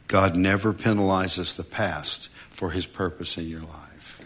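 A preacher delivering a sermon with a bright, clear tone. He is animated and humorous, slipping in quick acted-out voices as he goes. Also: deep voice.

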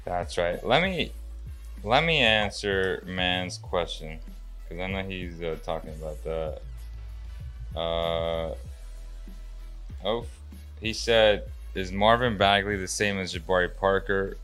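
Bright-toned low-voiced male podcast host. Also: slow pace, long pauses, faint music behind. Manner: laughs often, prompts co-host with questions. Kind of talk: casual sports talk.

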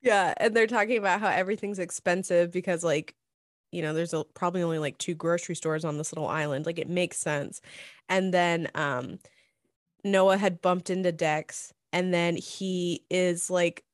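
Woman co-host, casual movie recap, lower voice, dry close recording, relaxed and often laughing. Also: normal speed, no echo. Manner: relaxed, laughs often, retells plot with quoted lines.

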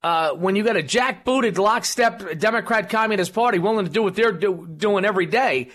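A man's voice: high voice, brisk, a bit bright. A man hosting a political talk radio show, rambling and combative, with many fillers.

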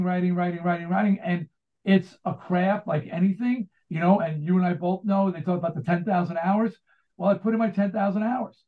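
Rambling American man on a tinny line. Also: sits high. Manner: rambling, full of restarts and asides. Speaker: author and rock singer guest. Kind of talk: casual interview talk.

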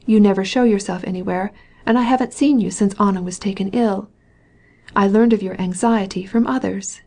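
A woman reading the part of a fashionable, sarcastic society princess who flatters with an ironic, gushing manner, in a storybook reading. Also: mid-range voice, moderate pace, natural voice.

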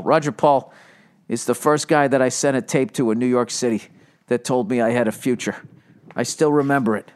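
A man in his fifties hosting a solo comedy podcast, rambling through profane, animated stories full of asides. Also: fairly high pitch, a little fast, clean tone. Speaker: podcast host.

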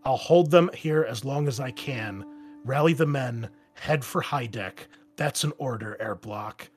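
A man's voice: mid-range voice, a little slow, natural voice. A man reading a fantasy story, voicing a grim, wounded army commander who barks orders, with faint music behind. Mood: commanding. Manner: barked commands.

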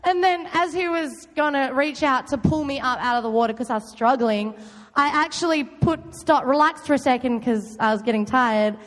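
A young woman giving a loud, chatty youth talk, often quizzing her audience. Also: sits high, normal speed. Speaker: youth group speaker. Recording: long hall reverb.

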